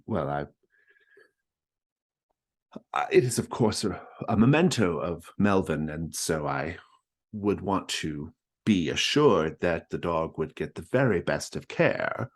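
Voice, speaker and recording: A man voicing a soft, fretful, genteel middle-aged widow who speaks in a fussy, prim way. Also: sits low, expressive, slow pace, exaggerated voice.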